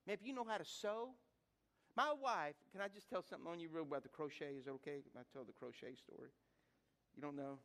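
A man's voice: fairly high pitch, quick pace, fairly bright tone. A middle-aged man preaching a sermon, mixing humorous personal stories with rhetorical questions to the congregation and often repeating words as he builds up to a point. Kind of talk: sermon with storytelling.

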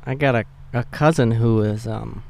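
A man in casual chat, dropping deadpan, crude one-liners. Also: mid-range voice, moderate pace, vocal fry.

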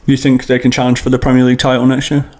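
A man co-hosting a casual football podcast, teasing and quick to laugh. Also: medium pitch, monotone, a little mellow. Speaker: podcast co-host.

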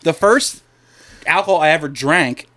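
A man's voice: a little high, normal speed, sharp tone. A young man from Delaware co-hosting a podcast, telling long, profane, rambling stories in casual chat. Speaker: podcast co-host.

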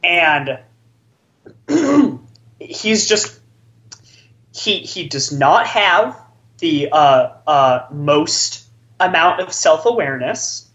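A man's voice: fairly high pitch, lively intonation, extremely slow, pauses often, fairly bright tone, muffled recording. A man casually telling a long story among friends, rambling and filling his talk with likes. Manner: rambling, filler-heavy with many likes. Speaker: podcast co-host telling a story.

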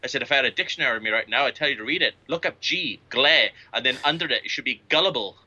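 A man in his thirties rambles through crude, boastful stories on a podcast and swears freely. His voice is very bright and sharp. The recording sounds dull and lo-fi. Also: mid-range voice, lively intonation, rapid-fire. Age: 30s. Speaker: podcast guest. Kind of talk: casual storytelling.

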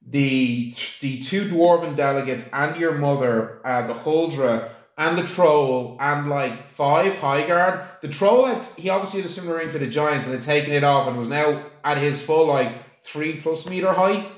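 A man's voice: a little high, normal speed, echoey room. A man narrating as game master of a tabletop game, rambling with many fillers.

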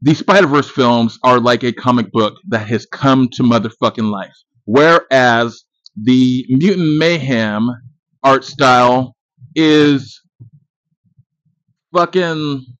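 Taking it slowly, a thirtysomething podcast host with a slightly bright, mid-range voice gives a casual movie review monologue that's profane, jokey, and full of boasts. The dull, lo-fi recording is dry, with no echo.

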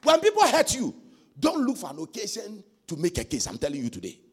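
A man preaching a sermon as pastor, swinging from quiet asides to loud shouted exhortation. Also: high voice, wildly swooping pitch, brisk, breathy edge.

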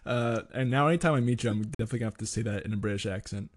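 A man's voice: lowish voice, rapid-fire, crowd noise. A man hosting a podcast, asking questions and giving short encouraging replies in casual chat. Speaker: podcast host.

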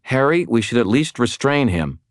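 A sharp, insistent young woman who presses her point hard, as a male narrator raises his voice to play her. Her tone is urgent and keeps climbing. It sits far higher than the reader's own deep voice. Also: sing-song, normal speed, no room sound, clean studio sound, natural voice.

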